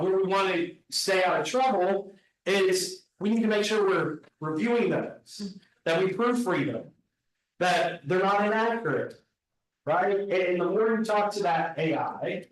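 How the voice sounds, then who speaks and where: A man with a weakened voice leading a team meeting, talking casually and asking the room questions. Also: high-pitched. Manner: relaxed, conversational, asks the room questions. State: weak voice. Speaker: team leader presenting at an office meeting. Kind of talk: meeting presentation. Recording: very echoey room, distant mic.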